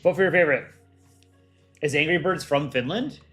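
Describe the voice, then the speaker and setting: A man's voice: on the high side, moderate pace, music in the background. A man who voices cartoon characters, hosting a casual livestream and reading viewer chat aloud as he runs polls. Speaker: livestream host and voice actor.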